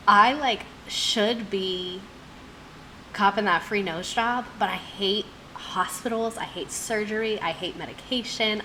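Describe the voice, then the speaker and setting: A woman in her twenties hosting a casual live stream, talking very fast and gasping for air between phrases. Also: mid-range voice, bright, forceful tone, a little hiss or hum, rough recording. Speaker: streamer host. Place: home streaming setup.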